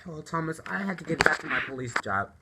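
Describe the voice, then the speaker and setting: A man voicing a weary male engine who speaks softly and sounds downcast, over background music. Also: fairly high pitch, animated, fast talker, very noisy. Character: weary male engine, tired of being teased.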